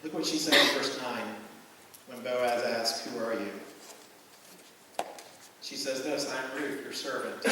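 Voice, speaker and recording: A man's voice: mid-range voice, a little slow, long pauses, very noisy. A man in his forties giving a sermon, telling a personal story in a casual, conversational way with plenty of asides and fillers. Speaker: pastor. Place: large church hall. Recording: roomy hall reverb from a distant mic.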